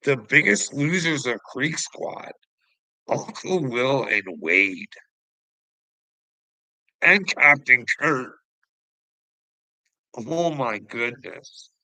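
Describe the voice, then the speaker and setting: A man's voice: mid-range voice, sing-song, very slow, long pauses, bright, forceful tone, dry recording, low-quality recording. A man delivering a profane, confrontational vlog rant, taunting the people he addresses. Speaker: online commentator. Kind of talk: ranting vlog monologue.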